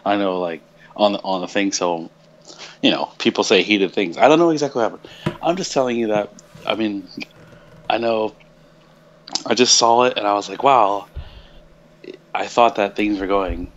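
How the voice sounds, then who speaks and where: A man's voice: lowish voice, lo-fi sound, a little hiss or hum. A man co-hosting a casual stream show, talking in a hesitant, hedging way. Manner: hesitant, measured, lots of hedging. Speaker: co-host.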